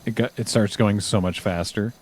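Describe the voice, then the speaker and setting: A man's voice: lowish voice, steady tone, normal speed, slight background noise. A man hosting a multiplayer game stream, chatting casually and explaining the game to viewers step by step. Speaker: stream host. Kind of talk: casual gameplay chat.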